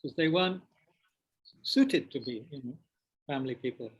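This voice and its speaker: A husky, animated man of medium pitch speaks at normal speed while leading a dharma class with questions at a meditation centre. Mouth full of biscuits, he hesitates and restarts frequently amid many fillers, captured on a low-quality recording.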